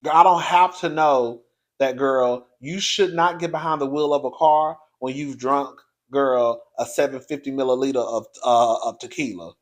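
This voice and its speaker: A man hosting his own video show, giving a blunt, profane, animated commentary straight to his viewers. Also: mid-range voice, moderate pace. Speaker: online show host reviewing reality TV.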